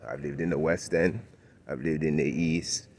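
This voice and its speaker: A man's voice: rumbling low, fairly even intonation, moderate pace, darkish tone. A man with a Toronto accent, talking in a laid-back, chuckling way as he vlogs on a city walk, often tagging his sentences with "right?". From Canada. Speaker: vlogger. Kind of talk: casual walking vlog monologue. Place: outdoors, walking in the city.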